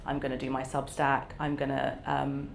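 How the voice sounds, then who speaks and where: Woman author, low voice, candid and reflective, faint background hum. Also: completely flat delivery, moderate pace, creaky. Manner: warm, reflective, laughs often, lots of fillers. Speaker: author guest. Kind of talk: candid conversational interview.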